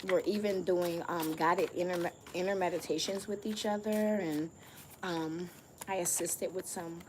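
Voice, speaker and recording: A woman gives a casual spiritual tarot reading, talking in slangy, profane language, laughing often and drawing out emphatic phrases. Her voice is fairly low, with noise in the background.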